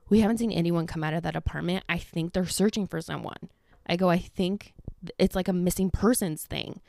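A young woman casually telling a long story, rambling with constant "like" and animated retellings of what she said. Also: fairly low pitch, no room sound, clean studio sound.

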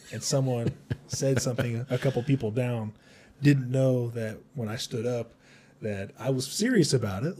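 Thirties male host, husky mid-range voice, easygoing and chatty. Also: medium pitch, mellow. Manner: easygoing, chuckles through his stories. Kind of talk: casual chat.

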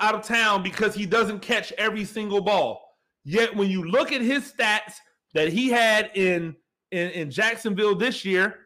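A man's voice: sits high, bright, forceful tone. A man hosting a solo sports podcast, ranting heatedly and repeating himself as he argues. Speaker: podcast host. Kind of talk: solo sports commentary rant.

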